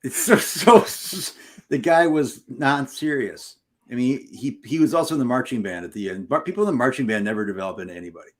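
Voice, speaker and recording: A middle-aged man, a high school teacher, telling a long, animated anecdote in casual chat with restarts and loud bursts. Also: quick pace. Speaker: podcast co-host. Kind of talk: casual storytelling on a sports stream.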